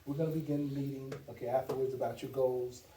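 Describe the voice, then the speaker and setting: A man's voice: mid-range voice, little pitch movement, fast, warm tone. A man giving a sales training talk, emphatic and repetitive, often checking in with "okay?". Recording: echoey room from far off, noisy.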